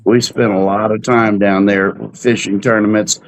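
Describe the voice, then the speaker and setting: A man, co-hosting a live cruise talk show, telling folksy stories in a relaxed, unhurried way. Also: lowish voice, slight background noise. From Texas. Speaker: podcast co-host. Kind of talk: casual chat, storytelling.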